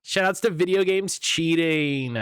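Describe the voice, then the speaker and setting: Excitable swearing game streamer, man. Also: on the high side, takes it slowly, clean tone, dry recording, clean studio sound. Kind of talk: live game streaming commentary.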